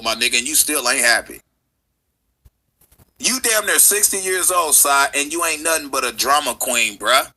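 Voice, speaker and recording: Heated husky-voiced man ranting on stream. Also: medium pitch, animated, moderate pace, sharp tone, low-quality recording. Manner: heated, profane, confrontational. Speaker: livestreamer. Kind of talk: livestream rant.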